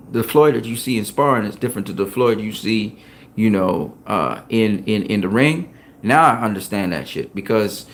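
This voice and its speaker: A man in an easygoing chat about boxing, his voice sitting at an ordinary middle pitch. He tells gym stories in a loose, profane, excitable way, breaking into laughter as he goes. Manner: profane, animated storytelling with frequent laughs. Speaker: boxing show host. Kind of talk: casual chat.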